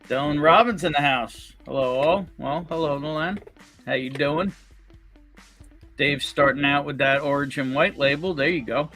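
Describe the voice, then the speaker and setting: A man hosting a casual whiskey livestream, greeting viewers with jokey, upbeat shout-outs. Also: fairly high pitch, moderate pace. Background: faint background music.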